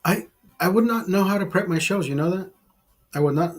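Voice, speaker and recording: A man's voice: high voice, brisk. Profane man rambling on a livestream. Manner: profane, rambling, laughs at his own jokes. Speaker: livestream host. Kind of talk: casual livestream chat. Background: bar setting.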